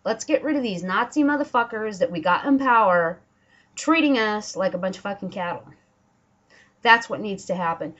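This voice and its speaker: A woman vents into a muffled home camera mic, swearing freely and mocking her opponents in put-on voices. Her pitch sits in the middle range, and her indignant tone jumps up whenever she gets fired up. The audio sounds dull and lo-fi. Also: animated, normal speed, fairly bright tone. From Washington State. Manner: profane, indignant, sarcastic mock quotes. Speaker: political vlogger. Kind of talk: angry ranting monologue. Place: home, dogs barking nearby.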